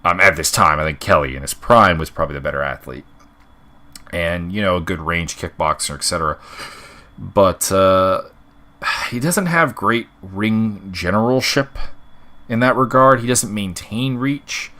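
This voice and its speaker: A man with a deep voice and a bright, forceful edge talks through his fight picks off the cuff. He rambles, restarting sentences and filling pauses with ums and uhs. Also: lively intonation. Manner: rambling, many fillers and restarts. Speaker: MMA fight predictions host. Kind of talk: casual unscripted commentary.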